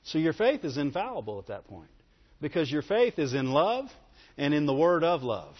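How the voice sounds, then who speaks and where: High-voiced preacher man in an echoey hall. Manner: emphatic, calls for audience response. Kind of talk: sermon. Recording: echoey hall, dull lo-fi sound.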